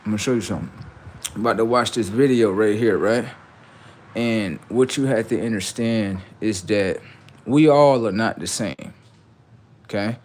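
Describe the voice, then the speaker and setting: A man's voice: lowish voice, darkish tone. Profane ranting male livestream host. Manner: profane, mocking, repetitive.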